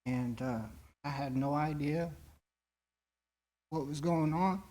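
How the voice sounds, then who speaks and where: A man stands before a church recovery meeting and tells his own testimony. His voice sits a little high for a man. He speaks earnestly and haltingly, often restarting his sentences as he goes. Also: a little mellow.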